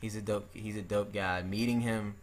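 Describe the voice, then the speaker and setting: A man's voice: lowish voice, fairly even intonation, normal speed, a little hiss or hum. A young man hosting an interview, telling stories in a loose, rambling way with lots of restarts. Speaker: interview host. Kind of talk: casual chat.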